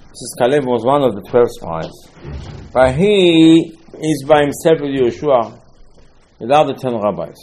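Animated man teaching a Torah class. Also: mid-range voice. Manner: animated, acts out quoted speakers with sudden loud outbursts and dropped asides.

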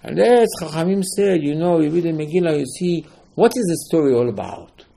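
This Torah teacher's voice is a little high, fairly quick, and gravelly. He brings the stories to life by acting out the dialogue, lurching abruptly from loud outbursts to hushed asides.

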